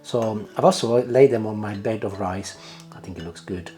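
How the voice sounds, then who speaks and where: Mellow-voiced man hosting a cooking vlog. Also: fairly low pitch, normal speed, faint music behind. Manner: chatty, frequent "uh" fillers. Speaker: cooking channel host. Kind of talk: casual cooking demonstration to camera.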